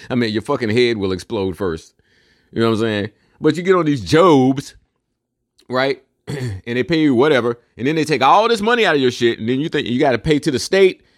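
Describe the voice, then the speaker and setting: A man's voice: medium pitch, a little fast, no echo, clean studio sound. A man delivering a casual, profane monologue in a preachy, conspiratorial tone, with rhetorical questions and mocking asides.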